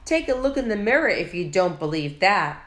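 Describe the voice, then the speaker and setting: A woman's voice: medium pitch, big pitch swings, normal speed, a bit bright, roomy sound. A woman voicing an emphatic, bossy cat mother who scolds dramatically in a storybook.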